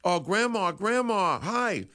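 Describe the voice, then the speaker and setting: A man's voice: high voice, very animated, slow pace, bright, forceful tone, voice pushed up, full character voice. A man putting on a whiny young phone scammer. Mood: pleading. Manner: pleading, panicky, whiny. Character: young male phone scammer posing as grandson.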